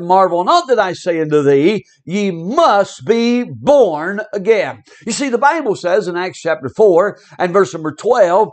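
A man preaching a radio sermon, emphatic and repetitive, speaking directly to the listener. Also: high-pitched.

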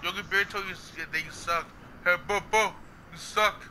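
A man's voice: high voice, steady tone, moderate pace, bright, forceful tone, slight background noise. A man playing a driving game with a friend, joking around, swearing and repeatedly teasing him in a cartoon-bear style bit. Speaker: gaming channel host. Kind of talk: casual gameplay banter.

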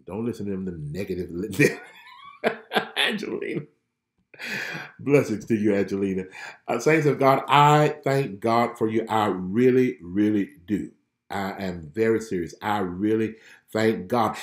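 A man's voice: on the low side, measured pace, reverberant. A man preaching a prophetic message on a livestream. He exclaims, laughs and greets viewers by name. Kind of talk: live-streamed prophetic preaching.

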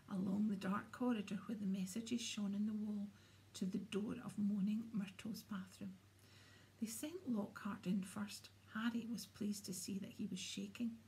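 A woman narrating a storybook aloud in a soft, hushed manner. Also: medium pitch, slight background noise. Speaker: audiobook reader.

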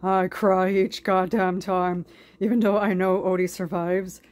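A woman doing an improvised mock-dub over a cartoon, rambling with heavy swearing in a deadpan way. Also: mid-range voice, a little slow. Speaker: comedic fan dubber.

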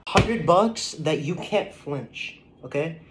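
A man's voice: on the high side, lively intonation, background noise. A man teasingly setting up a dare, laughing as he talks. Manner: teasing, laughing, slow and drawn out. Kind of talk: casual filmed challenge.

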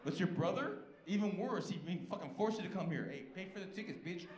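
Brash, profane stand-up comedian. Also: male voice, sits high, animated, fast talker. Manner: brash, profane, teasing crowd work. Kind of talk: crowd-work stand-up. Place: comedy club stage. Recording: echoey club with crowd noise.

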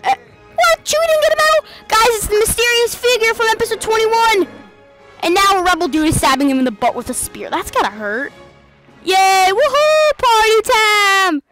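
Excitable high-voiced woman gaming host. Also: over loud music. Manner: excitable, playful, quick to shout and mimic characters. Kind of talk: let's play commentary.

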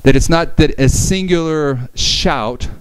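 A man's voice: fairly high pitch, takes it slowly, clear, resonant tone, no echo, rough recording. A man giving a Bible study lecture, reading verses aloud and explaining them with frequent restarts.

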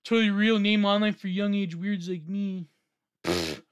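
A man reading out a social media thread and reacting to it in an excitable way. He laughs often and swings between low muttering and loud shouting. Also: normal speed, smooth. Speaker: online commentator.

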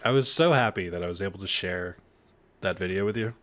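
A man's voice: sits low, brisk, a bit bright, slight background noise. A man co-hosting a casual podcast chat, teasing his friend and laughing often. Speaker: podcast co-host.

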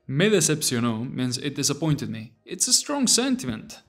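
A man leads a recorded language lesson in a mid-range voice. He repeats phrases slowly and deliberately for his viewers. Faint music sits under his narration. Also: medium pitch, big pitch swings. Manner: slow, deliberate repetition of phrases. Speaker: language teacher.

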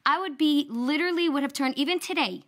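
A woman's voice: high-pitched, quick pace. A woman guest on a talk show retelling a family story, acting out quoted lines with animation.

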